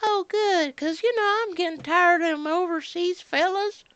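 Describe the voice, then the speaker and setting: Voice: very high voice, normal speed, fairly bright tone, no echo, dull audio, pitched above the performer's own voice. A vlogger voicing a grumpy caller who complains in a whiny tone. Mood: grumbling. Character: grumpy adult caller who distrusts overseas staff.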